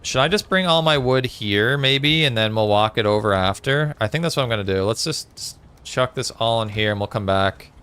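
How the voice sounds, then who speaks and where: A man's voice: mid-range voice, normal speed, few pauses, fairly bright tone, smooth. A man chatting casually with viewers on a live gaming stream, reading out chat messages with lots of fillers. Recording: faint music behind.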